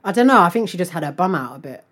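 A woman's voice: fairly low pitch, lively intonation, rapid-fire, a bit bright. A young woman co-hosting a podcast, chatting casually with playful, giggly banter. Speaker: podcast co-host. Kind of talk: casual chat.

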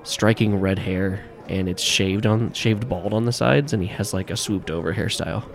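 A man running a tabletop game as game master, narrating in a halting way with many fillers and restarts. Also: lowish voice, creaky.

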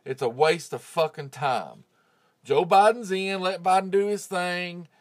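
A man hosting his own podcast, recorded in a home closet on a phone with a clip-on mic, talking in a casual, profane rant that swings into loud, heated outbursts. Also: high voice, unhurried. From United States. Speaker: podcast host. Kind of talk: casual ranting monologue.

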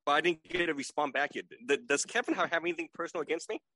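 A man's voice: fairly high pitch, very fast, pushed and bright, poor audio. A man in his forties, a podcast guest, who stammers, repeats his words and keeps asking "right?" for agreement. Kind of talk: casual remote chat.

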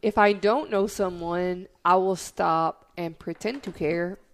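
A woman talking candidly on a podcast, with a lowish, gravelly voice that often drops into vocal fry. She tells stories from work and acts out what she said to people. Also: slow. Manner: candid, storytelling with quoted asides. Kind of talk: casual podcast chat.

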